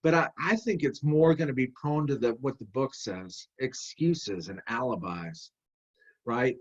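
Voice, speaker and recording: A man's voice: medium pitch, expressive, a little slow, muffled recording. A man giving a candid, conversational recovery talk in a workshop, rambling and restarting as he goes. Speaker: workshop speaker. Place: video call.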